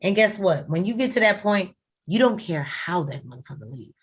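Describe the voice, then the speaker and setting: A woman's voice: on the low side, very animated, normal speed, slightly rough. A woman in her forties co-hosting a casual review chat, blunt and profane. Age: 40s. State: tired, coughing. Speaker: co-host.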